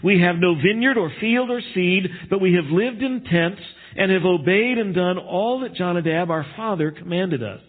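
A man's voice: high voice, normal speed, few pauses, husky. A man preaching a sermon, reading scripture aloud and explaining it with emphasis. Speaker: pastor. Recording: tinny phone-like sermon recording.

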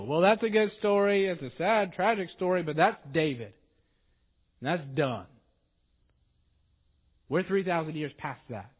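Male preacher, high voice, casual storytelling sermon, phone-quality audio. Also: measured pace, long pauses, breathy edge. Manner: conversational storytelling, lively. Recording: tinny phone-like sound.

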